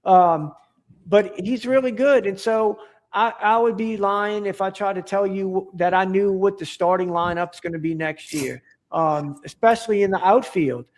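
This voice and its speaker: A man's voice: high voice, normal speed. A man talking as a podcast guest in casual chat, rambling and enthusiastic, with many restarts and fillers.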